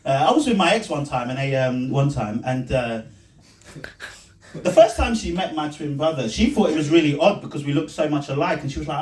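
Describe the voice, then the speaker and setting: A man's voice: a little high, lively intonation, brisk, darkish tone. A man doing a rambling, self-mocking stand-up set at a small comedy night, breaking into laughing asides. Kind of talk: stand-up set and vlog commentary. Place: small pub comedy room. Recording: echoey room recorded from a distance.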